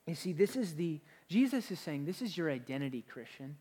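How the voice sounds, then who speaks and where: A young man, a pastor, preaching a sermon in an energetic, conversational way, with frequent restarts. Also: a little high, brisk, slightly rough.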